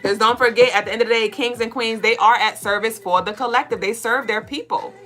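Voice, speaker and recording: Co-hosting a spiritual podcast, a middle-aged woman delivers a blunt, profane pep talk during a tarot reading, and faint music plays behind her. Her voice sits on the high side and is fairly bright, quick, and even in intonation. She's preachy yet playful, mimicking listeners in mock voices.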